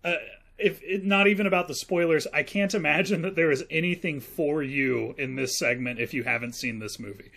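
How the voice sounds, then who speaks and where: Male podcast co-host, higher bright voice, animated, profane and laughing. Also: fairly quick, vocal fry. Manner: joking, profane, laughs often. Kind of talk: casual film podcast chat.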